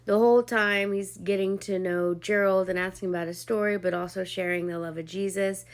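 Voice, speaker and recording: A woman's voice: mid-range voice, steady tone, fairly quick. A young woman telling a personal testimony to camera in a casual, chatty way, full of "like" and "um", who gets emotional as she speaks. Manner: chatty, heavy on "like" and "um", acts out quoted dialogue. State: emotional, near tears at points. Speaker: vlogger sharing a personal testimony.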